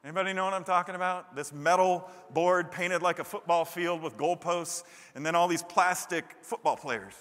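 Animated preaching man in a reverberant hall. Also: normal speed, hardly any pauses. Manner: animated, acts out quotes with sudden loud high bursts. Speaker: pastor. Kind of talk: sermon.

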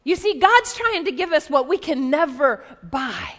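A woman in her forties delivers a sermon in a high, bright-pitched voice, telling stories in a chatty, lively way full of asides. Her voice rings out with a long reverb tail, as if it fills a large church hall. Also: unhurried. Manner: conversational, lively storytelling with asides. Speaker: preacher. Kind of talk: sermon storytelling.

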